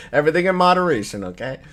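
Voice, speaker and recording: Loose, profane man in his thirties, lively pitch. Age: 30s. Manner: loose, profane, laughs often, swings between joking and irritated. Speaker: livestream host reading chat. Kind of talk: casual live stream chat.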